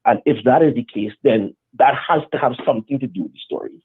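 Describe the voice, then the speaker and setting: A man's voice: mid-range voice, fast talker, breathy edge. A man calling in to a live stream, arguing his point insistently. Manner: argumentative, insistent. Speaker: caller. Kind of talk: phoned-in rant. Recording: tinny phone line.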